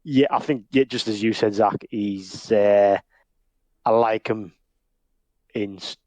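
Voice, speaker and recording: A man's voice: fairly low pitch, slow, a little mellow, no echo. A man with a northern English accent chatting casually on a podcast, hesitant with frequent restarts and laughs. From northern England. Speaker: podcast co-host. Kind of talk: casual chat.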